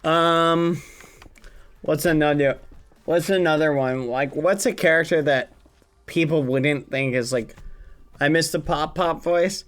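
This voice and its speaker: Streaming a building game, a man with a high-ish, fairly bright voice talks a little slowly and pauses often. He chats playfully with viewers, musing aloud and humming a lot while he thinks.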